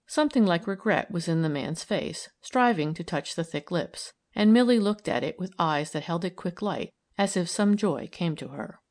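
Calm woman narrating a story. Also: fairly low pitch, normal speed, few pauses. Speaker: audiobook reader.

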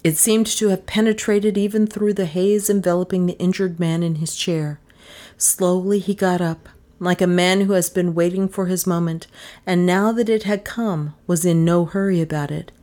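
A woman narrating an audiobook in a measured, even storytelling manner. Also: lowish voice.

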